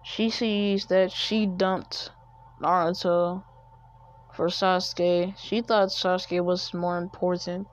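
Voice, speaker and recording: Her pitch sits fairly low and barely moves, and she talks at a slow pace while improvising a fan story off the cuff. The telling wanders, full of restarts and self-corrections, captured on a dull lo-fi recording.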